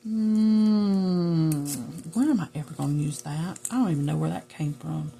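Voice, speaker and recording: A middle-aged woman with a Southern US drawl talks to her viewers in a loose, rambling way as she crafts. Her voice is gravelly and a little husky, and she takes her time. She wanders off topic and back again. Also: low voice, a little slow, dark tone. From Southern United States. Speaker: journaling vlogger. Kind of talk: casual chat while crafting.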